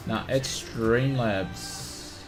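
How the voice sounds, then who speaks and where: A man's voice: mid-range voice, very slow, over music. An Australian man streaming a flight sim live, upbeat and chummy, greeting viewers and repeating his welcomes.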